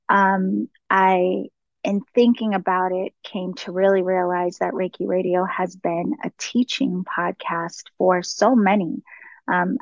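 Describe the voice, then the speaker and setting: A woman hosting her own spiritual podcast, speaking gently and earnestly, with frequent pauses and ums. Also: medium pitch, creaky, no room sound, dull audio. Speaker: podcast host. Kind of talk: reflective solo podcast talk.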